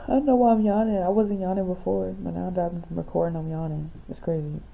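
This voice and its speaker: A young woman keeping a casual video diary, talking quietly and sleepily, then reading a letter she wrote to herself. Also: on the low side, steady tone, fast talker, vocal fry. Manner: soft-spoken, quiet and sleepy. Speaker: vlogger. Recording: tinny phone-like sound with faint hiss.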